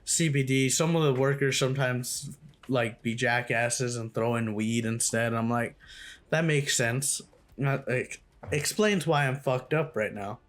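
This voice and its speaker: A man's voice: mid-range voice, steady tone, measured pace, fairly bright tone. A young man telling a casual storytime vlog, slangy and swearing freely. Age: young adult. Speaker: storytime YouTuber.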